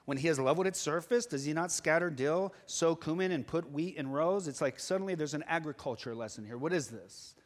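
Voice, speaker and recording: A man's voice: a little high, brisk, hardly any pauses. A male pastor preaching a sermon, earnest and building to urgent exhortation. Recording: long hall reverb.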